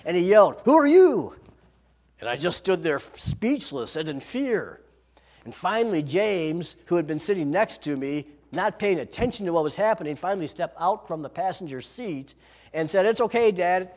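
A man preaching a sermon, lively and slowing down on key phrases. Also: high voice. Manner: lively preaching, slows for emphasis. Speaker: pastor.

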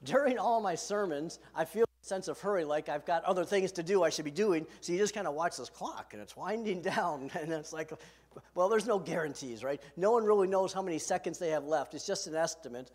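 A man's voice: high voice, fairly quick, darkish tone. A man preaching a sermon as pastor from a podium, earnest and emphatic, asking his listeners direct questions. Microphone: podium microphone.

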